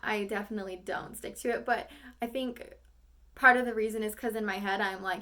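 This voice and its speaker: A woman's voice: mid-range voice, fairly even intonation, a little fast, fairly bright tone. A young woman, an acting student, thinking aloud between rehearsal takes, rambling and self-critical with lots of fillers.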